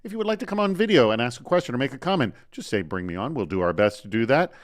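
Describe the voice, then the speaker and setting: A man hosting a live online talk show, chatty and energetic as he runs through announcements and introduces guests. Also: mid-range voice, very fast, no echo.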